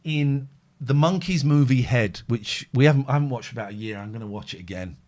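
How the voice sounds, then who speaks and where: Excitable, rambling man hosting. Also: medium pitch, a little fast. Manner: excitable, rambling, jumps between loud outbursts and quiet musing. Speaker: phone-in show host. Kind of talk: casual chat.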